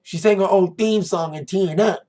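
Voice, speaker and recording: A man's voice: high voice, a little fast, mellow. A man giving a rambling, chatty recap of a wrestling show in a casual monologue, correcting himself as he goes.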